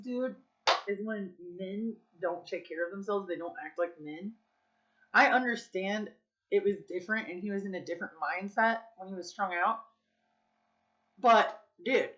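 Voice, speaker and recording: A woman's voice: medium pitch, fairly bright tone. Chatty woman vlogger, lo-fi sound. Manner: chatty, frank, peppered with "dude" and "like". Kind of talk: casual storytelling vlog. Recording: slightly dull lo-fi sound.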